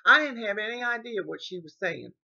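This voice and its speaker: A bright, husky older woman recounts a personal story in her own words. She repeats herself and restarts her sentences, acting out other people's lines as she goes. The recording is a little dull and lo-fi. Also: mid-range voice, animated, brisk. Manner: repeats words and restarts, acts out quoted speech.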